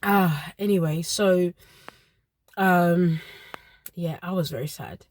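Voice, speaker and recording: A woman, around her thirties, earnestly telling a personal story with emotional pauses. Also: fairly low pitch, a little mellow, no echo.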